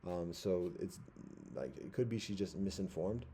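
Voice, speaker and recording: A man giving a casual commentary monologue, halting and rambling with many fillers and restarts. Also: low voice, expressive, creaky, warm tone, a little hiss or hum.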